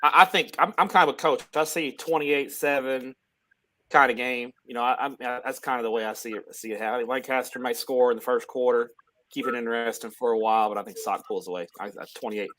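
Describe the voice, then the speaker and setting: A man co-hosting a sports talk show, thinking aloud in a halting way while picking a score. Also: mid-range voice, steady tone, a bit bright. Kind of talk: casual game predictions.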